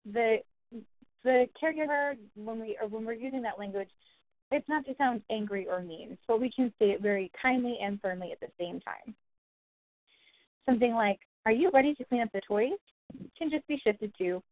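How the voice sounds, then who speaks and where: A woman giving a recorded training talk for caregivers, explaining clearly and acting out example phrases. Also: fairly high pitch, normal speed, dry recording. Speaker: early childhood trainer. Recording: dry, phone-like narrow sound.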